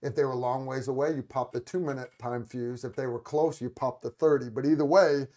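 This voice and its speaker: A man's voice: medium pitch, fairly even intonation, brisk, background noise. A man from the United States hosting a casual chat, telling stories animatedly with frequent restarts. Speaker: podcast host.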